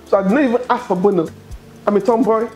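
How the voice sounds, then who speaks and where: A middle-aged Nigerian woman telling her story as an interview guest, expressive and quick to laugh. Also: mid-range voice, faint music behind. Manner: expressive, laughs often, acts out quoted dialogue. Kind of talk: animated personal storytelling.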